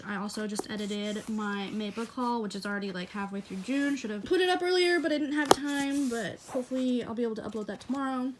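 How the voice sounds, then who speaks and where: A young woman talks loosely to her camera in a casual vlog, her slightly high voice full of fillers and restarts. She rambles and vents in a chatty, unpolished way. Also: noisy background. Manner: rambling, many fillers, venting. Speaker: book vlogger.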